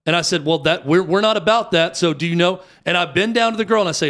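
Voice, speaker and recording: High-voiced man telling a lively story. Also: fast talker. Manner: animated, acts out quotes with rising pitch. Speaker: youth basketball coach telling a story. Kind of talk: casual storytelling chat.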